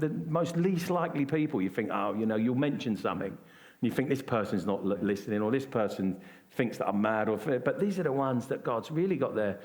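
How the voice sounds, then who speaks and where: A middle-aged man from England telling a story at a church event, animated and acting out what others said. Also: mid-range voice, fairly quick. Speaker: guest. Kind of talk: conversational storytelling.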